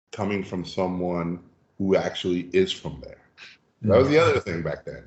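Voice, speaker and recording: A man from Mexico, a podcast guest telling anecdotes in a lively, animated way and acting out the people in them. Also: deep voice. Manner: lively storyteller who acts out voices. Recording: roomy, dull lo-fi sound.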